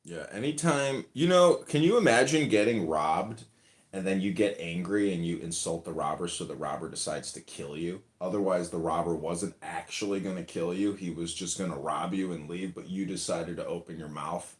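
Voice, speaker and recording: Telling rambling, profane stories and acting out quotes, this man hosts a casual talk-show podcast. His voice sits low at a moderate pace, with a roomy echo around it.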